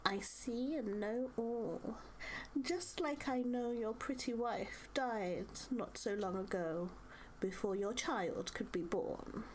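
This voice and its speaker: A woman voicing a cryptic old crone fortune-teller with a crackling voice, speaking hushed and slow. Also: a little high. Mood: ominous.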